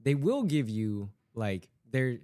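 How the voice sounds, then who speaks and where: A man's voice: medium pitch, big pitch swings, slow, mellow, dry recording, studio quality. A man guesting on a casual podcast chat, easygoing and joking.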